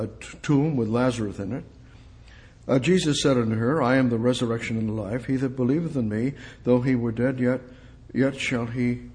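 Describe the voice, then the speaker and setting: A man delivering a sermon and reading Bible verses aloud. He presses his points by repeating short phrases and putting questions to his listeners. His voice rises into loud exclamations and then drops to quiet asides. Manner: swings between loud exclamations and low asides. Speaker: preacher.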